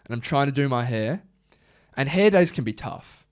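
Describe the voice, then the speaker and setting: A man's voice: medium pitch, moderate pace. A young man with an Australian accent, co-hosting a podcast in casual chat, swearing freely as he rants. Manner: swears freely, animated ranting. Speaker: podcast co-host.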